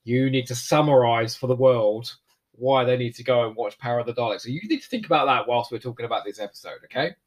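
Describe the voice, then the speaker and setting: A man co-hosting a casual podcast commentary, playful and quick to laugh, his voice going hoarse. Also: mid-range voice. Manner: lively, playful, laughs often. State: losing his voice. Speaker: podcast co-host.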